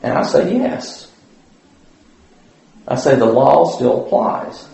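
A man's voice: medium pitch, animated, slow pace, gravelly, warm tone. A man giving an informal Bible lesson at church in a folksy, rambling way, with many fillers and restarts. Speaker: Bible study teacher. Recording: very echoey room.

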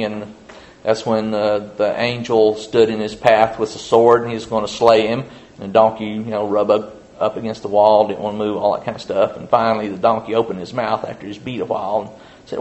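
A man's voice: on the low side, darkish tone. A man teaching a casual Bible study, telling the story in a rambling, folksy way full of "uh" and "you know".

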